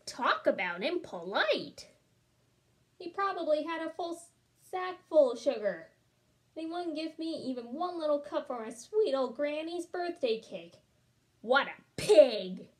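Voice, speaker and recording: A woman reading a storybook aloud as a smooth-talking male wolf, chatty and wry in tone. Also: sits high, sing-song, unhurried, voice pushed up. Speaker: storybook reader. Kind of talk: children's read-aloud.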